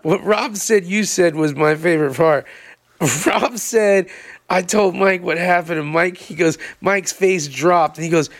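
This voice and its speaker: A man's voice: sits high, unhurried. A man in casual chat, eagerly chiming in and retelling a story.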